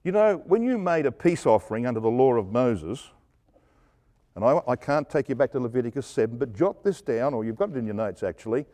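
In a medium-pitched voice with lively intonation, a middle-aged preacher expounds the Bible a little quickly. He's emphatic, fires off rhetorical questions, and alternates booming emphasis with hushed side remarks.

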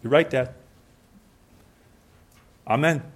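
A young man preaching a sermon to a congregation. His voice sits at a middle pitch, and he talks conversationally, with asides. He breaks into small acted scenes with voices now and then. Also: slow pace, husky.

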